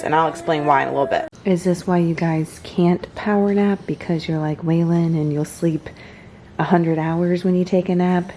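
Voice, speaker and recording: A woman's voice: on the low side, darkish tone, slight background noise. A woman with a Southern US accent, chatting casually to her viewers in a vlog and calling them y'all. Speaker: fitness and food vlogger.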